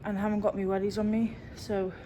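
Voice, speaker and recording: A woman's voice: mid-range voice, little pitch movement, quick pace, mellow, slight background noise. A woman, a sheep farmer, chatting casually with lots of ums while doing her chores outdoors. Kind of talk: casual farm vlog chat. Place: outdoors on a farm.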